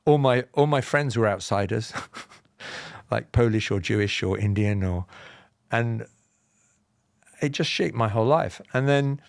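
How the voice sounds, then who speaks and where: A man from England with a southern, BBC-style received pronunciation accent, telling personal stories as a podcast guest in a measured, explanatory way with self-deprecating humour. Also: medium pitch, creaky, a little mellow, dry recording, studio quality. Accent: Southern English, BBC-style received pronunciation. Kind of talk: reflective personal storytelling.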